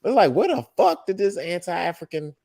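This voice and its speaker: Animated man in dry, heated chat. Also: high voice, normal speed, dry recording. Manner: animated, swings into loud outbursts when quoting. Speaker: podcast co-host.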